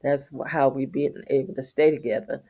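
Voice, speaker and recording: Laid-back woman telling a story, mellow voice. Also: very deep voice, normal speed, lo-fi sound. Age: middle-aged. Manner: animated, profane, laughs often, talks to viewers as y'all. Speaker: vlogger. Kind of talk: casual storytelling to viewers.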